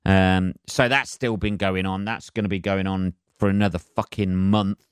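A man's voice: deep voice, fairly even intonation, normal speed, clear, resonant tone, no echo, studio quality. A man, hosting a solo podcast and rambling in a sardonic, sweary way with lots of ums and uhs. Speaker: podcast host.

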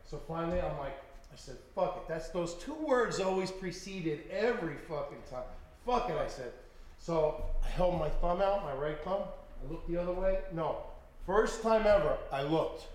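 A man, an author guest, telling his stories in conversation in a lively, profane way and acting out what people said. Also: fairly high pitch, moderate pace, heavy reverb. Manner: animated, profane, acts out quotes. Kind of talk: storytelling in conversation.

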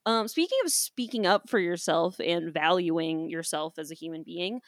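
A woman co-hosting a podcast in casual chat, telling animated stories and acting out the people in them, with some casual swearing. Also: on the low side, moderate pace, no room sound, studio quality. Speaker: podcast co-host.

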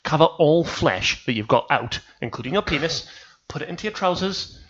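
A man's voice: on the high side, animated, normal speed, a bit bright, slight background noise. A man co-hosting a comedy podcast, joking in casual banter and spinning absurd stories. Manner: playful, absurd storytelling. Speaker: podcast co-host. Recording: dull lo-fi podcast mic.

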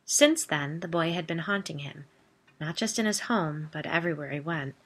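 A woman narrating a first-person story in steady, expressive scripted reading. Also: low-pitched, normal speed. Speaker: audiobook narrator.

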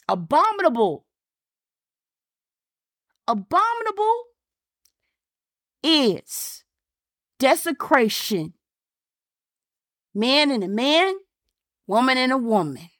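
A woman's voice: high-pitched, a bit bright, dry recording, clean studio sound. A woman pastor preaching a fervent sermon, repeating her points and firing rhetorical questions in a casual, folksy way. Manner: colloquial Southern-style phrasing like y'all and ain't.

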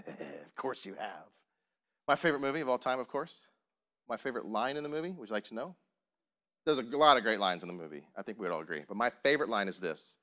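A pastor delivering a sermon to his congregation, animated and full of rhetorical questions. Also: medium pitch.

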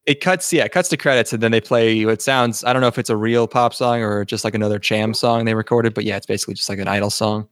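A man's voice: fairly low pitch, steady tone, fast talker, hardly any pauses, a bit bright, no room sound, studio quality. A man co-hosting a podcast in casual chat, loose and rambling, laughing often. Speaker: podcast co-host.

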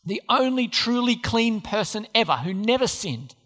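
High-voiced guy preaching in church, leans hard on repeated lines, long hall echo. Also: expressive, moderate pace, fairly bright tone. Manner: emphatic preaching with repeated phrases. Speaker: pastor. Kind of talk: sermon.

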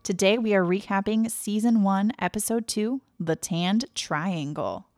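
A woman's voice: medium pitch, unhurried, darkish tone, dry recording, clean studio sound. A woman hosting a podcast in a casual, chatty way, retelling scenes with animation. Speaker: podcast host. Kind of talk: casual chat, TV show recap.

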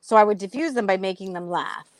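A woman's voice: medium pitch, fast, dry recording. A young woman comedian with a Boston-area accent, chatting in an interview and telling sarcastic stories, acting out the voices of the people in them. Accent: Boston-area American. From Massachusetts, USA. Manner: animated storyteller, acts out voices, sarcastic. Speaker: comedian guest. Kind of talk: casual interview chat.

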